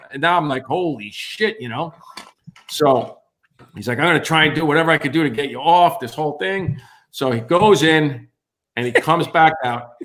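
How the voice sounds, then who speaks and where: A man's voice: on the high side, moderate pace. A man, a firefighter on a podcast, telling a story in casual chat and acting out the voices of the people in it. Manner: animated, acts out other voices.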